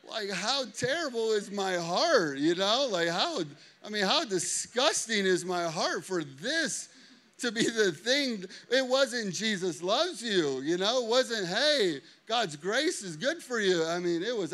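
A male pastor in his thirties delivers a sermon with a high, bright voice. He tells stories animatedly and acts out what people said, then turns earnest and confessional. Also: unhurried. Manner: animated storytelling, acting out quotes.

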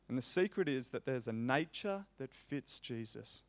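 A man's voice: medium pitch, lively intonation. A man preaching a sermon, reading scripture aloud and repeating phrases with rising, emphatic force. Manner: impassioned, rising loud on repeated phrases, slow emphatic delivery.

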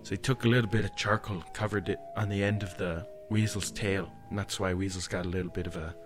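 A man's voice: low-pitched, fairly even intonation, fast talker, music in the background. A man telling a spooky story casually, rambling with frequent "eh" and "like". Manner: rambling, tags lines with "eh" and "like". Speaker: storyteller guest.

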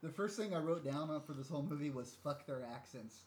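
A man's voice: on the high side, expressive, fairly quick, echoey room, recorded from a distance. A man joking and swearing through a casual movie chat.

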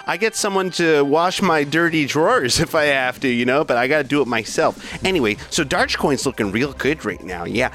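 A man's voice: on the high side, animated, fairly quick, hardly any pauses, fairly bright tone. A man co-hosting a comedy podcast, chatty and rambling, exasperated, laughing between words. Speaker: podcast co-host. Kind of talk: improvised comedy bit.

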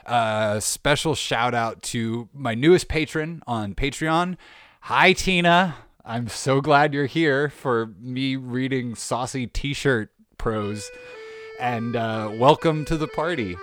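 A man's voice: mid-range voice, slow pace, no room sound. A man hosting a podcast, casually reading odd text aloud and laughing at it. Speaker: podcast host.

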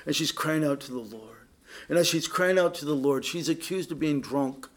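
A man's voice: fairly high pitch, normal speed. A man preaching a conversational sermon in an earnest way, speaking straight to his listeners and often restarting his sentences. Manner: earnest, with frequent restarts and direct asides to listeners.

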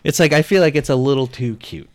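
A man hosting a casual podcast chat, laughing often and acting out quotes in animated voices. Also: mid-range voice, fast. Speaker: podcast host.

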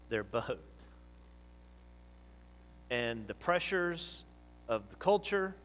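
A man preaching a sermon. He speaks with emphasis, rising to loud exhortation and dropping to quiet teaching. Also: medium pitch. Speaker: pastor. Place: church hall. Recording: long reverb of a church hall.

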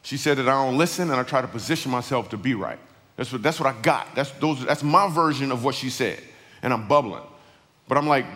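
A man's voice: medium pitch, animated, brisk, fairly bright tone. Casual man telling a story in a hall. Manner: casual, conversational, slangy storytelling. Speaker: guest speaker. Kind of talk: storytelling talk with humor. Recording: long reverb of a large hall.

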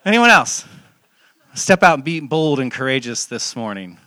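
A young man, a pastor, giving a relaxed, joking sermon with lots of fillers and restarts, asking the congregation questions. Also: mid-range voice, normal speed, no echo, studio quality. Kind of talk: casual sermon with audience interaction. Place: church hall. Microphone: handheld mic.

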